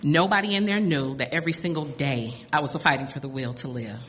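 Middle aged lady telling a funny story live, bright punchy voice, laughs a lot. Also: low voice, a little fast, a little hiss or hum. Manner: animated, laughs often between lines.

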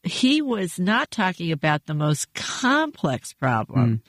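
A woman's voice: fairly low pitch, wildly swooping pitch, slow pace, no room sound. A woman hosting an interview, chatty and self-deprecating, laughing easily. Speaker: interview host. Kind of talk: conversational interview.

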